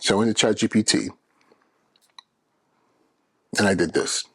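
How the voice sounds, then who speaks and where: A man's voice: on the low side, fairly even intonation, rapid-fire, fairly bright tone, breathy edge, no room sound. A man hosting his own podcast as an educator, talking earnestly and persuasively with frequent restarts. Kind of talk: solo podcast talk.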